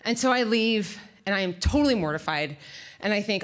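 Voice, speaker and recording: A woman telling a comic, animated story live on a theater stage. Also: mid-range voice, a little fast. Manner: comic and animated, acts out quotes. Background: audience.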